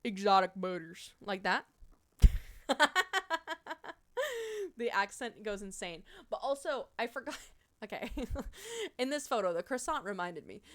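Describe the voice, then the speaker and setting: A young woman streamer with a Midwestern American accent, chatting casually with viewers, animated, swearing and laughing often. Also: a little high, measured pace, pauses often.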